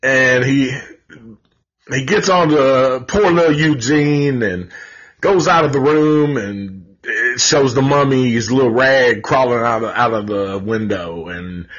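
A man's voice: medium pitch, takes it slowly, fairly bright tone, husky, lo-fi sound. A man giving a casual live movie review, rambling and swearing freely, with lots of fillers and restarts.

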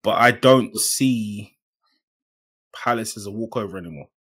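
Laid-back man, low voice. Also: unhurried, a bit bright, slightly rough. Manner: laid-back, slangy banter. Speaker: podcast co-host. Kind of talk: casual football chat.

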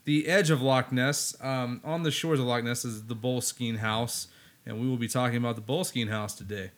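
A man's voice: medium pitch, steady tone, brisk. A man co-hosting a casual podcast, talking in a laid-back, rambling way with plenty of fillers. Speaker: podcast co-host.

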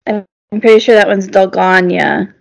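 A woman's voice: mid-range voice, moderate pace, creaky. A woman telling rambling stories in a casual chat, often breaking into laughter. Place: lives in Georgia.

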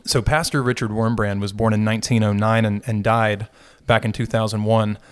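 A man's voice: on the low side, level tone, brisk, smooth. A middle-aged man co-hosting a podcast, chatting casually and joking, rambling with restarts. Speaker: podcast co-host.

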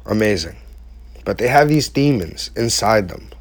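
A man's voice: lowish voice, animated, moderate pace, dry recording. A man giving a heartfelt, casual motivational talk to his viewers, using slang and emphatic repetition. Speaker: vlogger speaking to his audience.

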